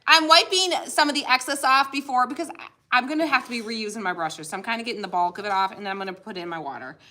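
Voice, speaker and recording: A fast-talking woman with a slightly high, pushed and bright voice chats while painting on a craft livestream. Set in her home craft room, the talk is casual, giggly and chatty, with "y'all" used often.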